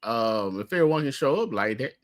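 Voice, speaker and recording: A man co-hosting a casual sports livestream, relaxed and offhand. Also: mid-range voice, a little fast.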